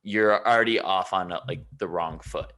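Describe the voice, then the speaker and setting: A man's voice: sits low, moderate pace, pushed and bright. A man co-hosting a casual podcast, talking in an earnest, reflective way and drifting onto side topics. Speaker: podcast co-host. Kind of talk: casual chat.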